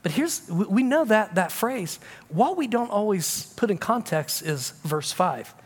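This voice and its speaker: A man preaching a sermon with a high, bright-pitched voice, moving between forceful emphatic lines and relaxed, conversational asides. His voice carries a long reverb from a large church hall. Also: measured pace. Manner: emphatic preaching, shifting to casual, confiding talk. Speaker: pastor.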